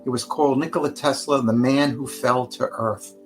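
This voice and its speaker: A man's voice: mid-range voice, fairly even intonation, normal speed, soft background music, low-quality recording. An older man, a guest on a podcast, recounting his past in an easygoing storytelling way. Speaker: guest, Tesla author.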